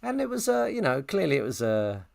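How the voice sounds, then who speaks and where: Male co-host, lively storyteller, pitch swings wide, acts out quotes. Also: a little fast, creaky. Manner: animated storyteller acting out quotes. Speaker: podcast co-host. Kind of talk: casual chat, storytelling.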